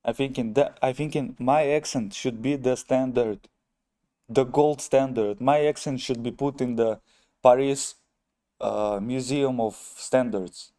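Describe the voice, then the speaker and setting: Man, Russian accent, live-stream host, mellow dark voice, wry self-mocking chat, talks to his viewers. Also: medium pitch, steady tone, measured pace. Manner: wry and self-mocking, keeps addressing "ladies and gentlemen".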